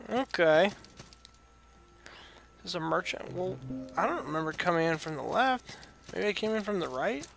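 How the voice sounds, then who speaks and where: A man's voice: high-pitched, sing-song, normal speed, vocal fry, long pauses, bright, forceful tone, soft background music. A man commentating his own video game play, talking to himself, reading game text aloud and yelping and groaning at setbacks into a desk microphone. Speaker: let's play host. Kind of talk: gameplay commentary.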